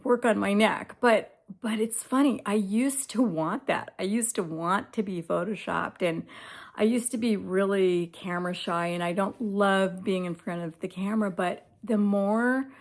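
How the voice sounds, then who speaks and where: A woman in her seventies talking candidly and reflectively in a casual personal vlog. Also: mid-range voice. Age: 70s. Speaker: lifestyle vlogger.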